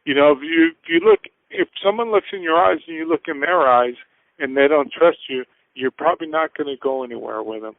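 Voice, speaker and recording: A man's voice: on the high side, lively intonation, fairly quick, gravelly, no room sound. A man talking as a guest on a radio show, earnest and casual, giving step-by-step business advice. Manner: earnest, acts out little scenes in voices. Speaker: finance guest. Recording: tinny phone-like dry sound.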